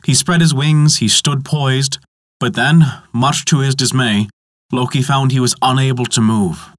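A man narrating a mythology story in a measured, dramatic storytelling manner. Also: medium pitch, fairly even intonation, dry recording, clean studio sound.

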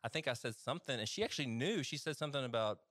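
A man's voice: mid-range voice, lively intonation, very fast, a bit bright, dry recording, clean studio sound. A man with an East Texas accent, a physician guest casually telling stories on a podcast, chatty and self-deprecating.

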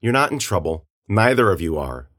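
A man's voice: low voice, big pitch swings, normal speed, fairly bright tone, full character voice. A man playing a blunt male investigator who speaks tersely and matter-of-factly. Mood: firm.

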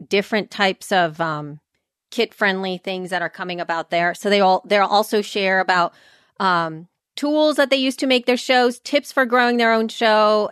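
A woman's voice: mid-range voice, a bit bright, no room sound, studio quality. A woman co-hosting a podcast, chatting casually and animatedly in long run-on sentences. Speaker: podcast co-host. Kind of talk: casual chat.

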